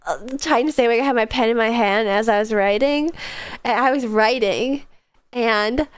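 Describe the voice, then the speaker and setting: A woman's voice: a little high, normal speed, clear, resonant tone. A young woman streamer with a stuffed-up nose from a cold, rambling casually to her chat with lots of fillers and giggles. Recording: soft music behind.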